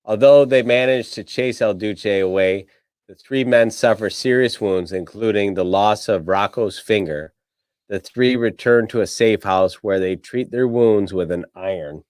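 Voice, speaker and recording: A man's voice: fairly low pitch, a little slow, darkish tone, clean tone, no room sound. A man co-hosting a podcast, chatting casually and recapping a film with lots of swearing and joking. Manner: profane, joking, recaps plots. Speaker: podcast co-host. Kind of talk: casual chat.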